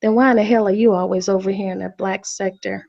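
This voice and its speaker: A woman's voice: medium pitch, steady tone, fast talker, vocal fry, dark tone, lo-fi sound. A woman in a heated online voice chat who defends herself, insists on her point and often repeats herself. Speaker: guest defending herself in a livestream debate.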